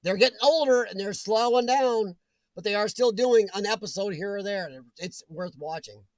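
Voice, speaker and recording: A man's voice: sits high, normal speed, no echo. A man hosting a casual livestream, reading viewer comments aloud, joking and laughing often. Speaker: livestream host reading chat. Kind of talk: casual chat.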